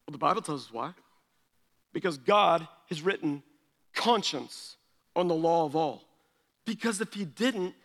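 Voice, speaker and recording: A man preaching a sermon from a stage in an animated, conversational way. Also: high voice, long reverb tail. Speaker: pastor. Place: large hall stage.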